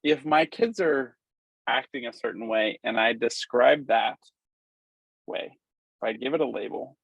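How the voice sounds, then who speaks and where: A man's voice: mid-range voice, measured pace, vocal fry, breathy edge, no room sound, low-quality recording. A man in his forties hosting an interview, speaking in an enthusiastic, thoughtful way. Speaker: podcast host. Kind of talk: casual interview talk.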